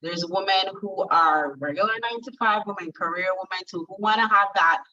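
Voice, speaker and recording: Woman from Jamaica, confidence coach; animated storyteller, bright and forceful, heard distant over a muffled call. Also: mid-range voice, fairly quick. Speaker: confidence coach and plus-size model. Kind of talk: casual interview chat.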